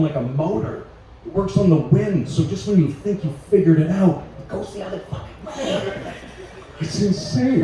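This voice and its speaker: A man in his forties, his voice sitting high but dark in tone, does a rambling, profane, laid-back stand-up set at a live show. The large room echoes, and his voice sounds far off.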